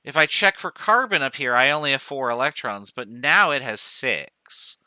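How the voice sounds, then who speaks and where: A man's voice: mid-range voice, sing-song, moderate pace, bright, forceful tone, smooth, no room sound. A man teaching chemistry in a recorded lecture, talking through each step aloud, counting as he goes and correcting himself along the way. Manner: talks through steps aloud, counting dots, with self-corrections. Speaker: chemistry professor.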